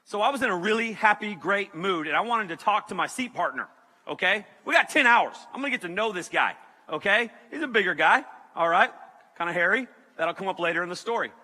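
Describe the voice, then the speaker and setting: High, bright-voiced man preaching in a hall. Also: fairly quick. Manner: animated storyteller, shouting bursts and laughs. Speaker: youth speaker. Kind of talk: comedic sermon story.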